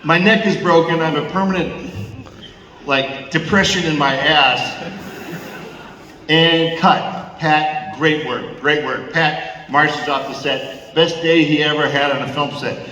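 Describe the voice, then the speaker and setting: An older man telling animated anecdotes at a fan Q&A, slipping into other people's voices and laughing along. His voice sits a bit high. It is picked up from a distance in a large reverberant hall, with background noise. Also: a little slow, highs cut off. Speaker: actor at a fan Q&A. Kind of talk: storytelling Q&A on stage. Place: large theater with audience.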